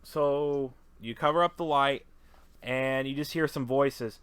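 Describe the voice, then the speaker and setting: A man's voice: mid-range voice, steady tone, takes it slowly, a bit bright, smooth, dry recording. A man running a tabletop game as game master, narrating casually with lots of fillers.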